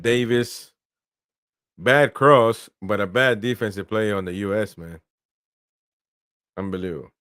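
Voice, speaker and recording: Smooth casual watchalong host, man. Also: fairly low pitch, unhurried, pauses often, a bit bright, no echo, studio quality. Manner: casual play-by-play, talks to viewers, laughs often. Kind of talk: live match commentary and chat reading.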